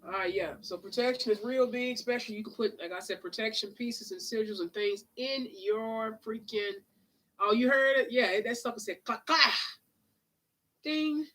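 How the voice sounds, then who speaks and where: A woman's voice: on the high side, normal speed, rough recording. A woman giving a casual live tarot reading, chatty and drawling, sniffling now and then. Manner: chatty, drawling, calls listeners honey and child. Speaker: tarot reader.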